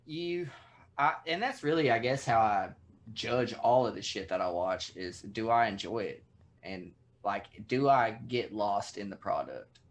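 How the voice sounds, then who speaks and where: A man's voice: fairly low pitch, a little slow. A Texan man co-hosting a podcast, ranting in casual chat and swearing freely. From Texas. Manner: profane, animated rants. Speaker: podcast co-host.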